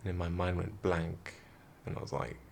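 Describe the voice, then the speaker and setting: Tired, hushed young man with gravelly fry. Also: low-pitched, steady tone, normal speed, a little hiss or hum. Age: young adult. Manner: hushed, quiet, rambling talk. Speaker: vlogger. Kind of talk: casual storytelling vlog. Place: room indoors at night.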